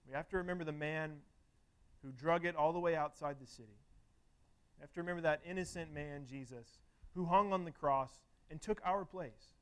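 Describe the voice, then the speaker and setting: A male preacher delivering a sermon with a slightly high-pitched voice. He talks in an earnest, conversational way, often restarting phrases and dropping in filler words as he works through a parable. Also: a bit bright.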